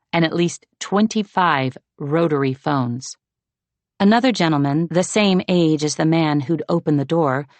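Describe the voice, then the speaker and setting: This is scripted audiobook narration by a woman with a deep voice, told in a measured, even storytelling style. The recording is dry.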